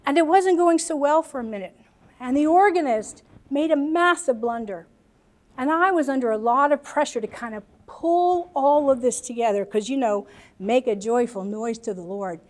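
A woman's voice: high voice, moderate pace, darkish tone. An American woman preaching a sermon to a congregation, earnest and emotional, with chatty asides. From United States.

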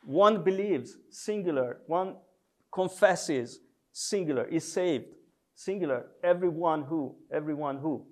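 Guy giving a theology lecture, slightly high voice, slow and deliberate, lots of uhs. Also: darkish tone. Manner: measured and deliberate, with frequent filler sounds. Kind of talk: theological lecture with scripture readings.

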